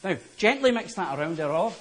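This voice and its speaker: A man's voice: high voice, sing-song, quick pace, slight background noise. A man working as a chef, patiently explaining a recipe step by step in a studio kitchen. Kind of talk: cooking demonstration.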